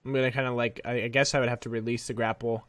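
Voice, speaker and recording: A man's voice: mid-range voice, level tone, racing, a bit bright. A man playing a tabletop game, describing his moves in a rambling way full of "like" and "um". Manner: rambling, lots of "like" and "um". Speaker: player. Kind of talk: casual tabletop game play.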